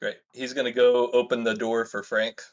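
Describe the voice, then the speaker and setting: A man's voice: medium pitch, little pitch movement, moderate pace, highs cut off. A man playing a tabletop game, giving short, easygoing replies and describing his character's moves. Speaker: player. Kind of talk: casual tabletop game play.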